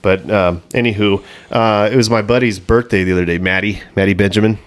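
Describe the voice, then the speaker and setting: A man's voice: fairly low pitch, fairly even intonation, a little fast. A man hosting a casual comedy podcast, telling crude gaming stories and acting out quotes with bursts of laughter. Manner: crude, laughing storyteller who acts out quotes. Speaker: podcast host.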